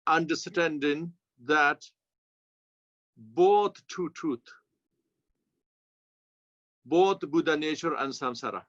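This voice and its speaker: A man with a Tibetan accent, a Buddhist teacher giving a slow, halting dharma commentary in non-native English. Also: a little high, a bit bright, dry recording. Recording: dull, lo-fi sound.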